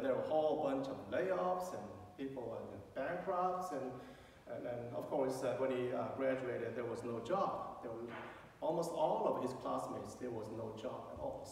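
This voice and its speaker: A man's voice: mid-range voice, creaky, darkish tone. A middle-aged man preaching a sermon as a pastor, telling a story conversationally with many fillers. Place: large church sanctuary. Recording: echoey church hall from far off, faint noise.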